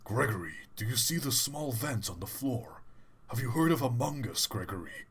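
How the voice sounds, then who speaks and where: A man voicing a coaxing animatronic bear in a lowered, slow, murmuring voice. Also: big pitch swings, breathy edge, exaggerated voice. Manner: slow, low, coaxing delivery.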